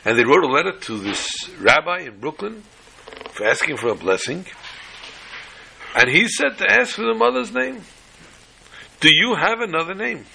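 A man's voice: a little high, big pitch swings, gravelly, sharp tone, slight background noise, poor audio. A man telling folksy stories and jokes in a casual way, dropping Yiddish and Hebrew phrases and acting out the dialogue. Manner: acts out dialogue with quick quoted voices. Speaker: storyteller. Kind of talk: casual storytelling talk.

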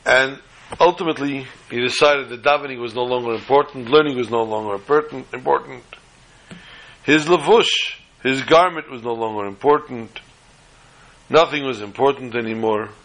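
Bright-voiced man telling a story. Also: medium pitch, rough recording. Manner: animated, halting storytelling with restarts. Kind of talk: telling a story in a religious talk.

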